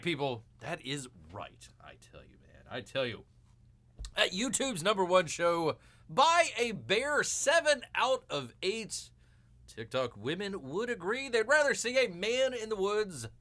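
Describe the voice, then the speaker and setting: A man's voice: sits high, sing-song, a little slow, pushed and bright, heavily acted. A man voicing a blustery male bear character who hosts a comedic show and talks in a folksy way with lots of fillers. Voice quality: folksy, blustery, keeps saying "people".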